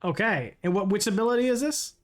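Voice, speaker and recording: A man running a tabletop game as game master. He speaks haltingly, with many restarts and fillers. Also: high voice, lively intonation.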